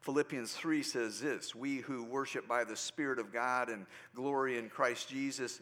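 A man's voice: medium pitch, fairly even intonation, moderate pace, few pauses, a bit bright. A man preaching a sermon, reading scripture and explaining it earnestly, his voice lifting on quoted verses, with fillers like um and uh. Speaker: pastor.

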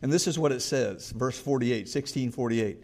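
A man's voice: medium pitch, normal speed, a little mellow. A middle-aged male pastor preaching an earnest sermon and reading scripture aloud with emphasis.

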